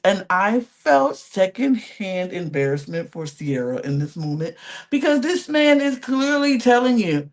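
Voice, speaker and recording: A woman co-hosts a podcast with a mid-range voice, neither high nor low. She recaps reality TV in a sassy, animated, casual way. She laughs often as she talks. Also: a little slow. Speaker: podcast co-host.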